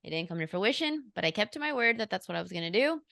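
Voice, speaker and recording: A woman's voice: mid-range voice, sing-song, quick pace, creaky, a bit bright. Chatty woman hosting a betting show. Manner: laughs often, chatty and candid. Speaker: sports betting show host. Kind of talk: casual sports betting chat.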